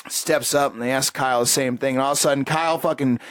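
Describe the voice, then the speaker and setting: A man hosting a podcast, telling a story in casual chat, profane and animated, acting out the people in it. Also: medium pitch, quick pace, no room sound. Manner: profane, animated storyteller who acts out voices. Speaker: podcast host.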